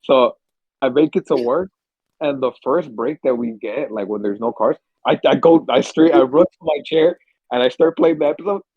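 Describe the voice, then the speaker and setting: Husky young man telling a story. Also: mid-range voice, normal speed, no echo, phone-quality sound. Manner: animated storyteller, swears freely, acts out screams and gasps. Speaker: podcast co-host. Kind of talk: casual chat.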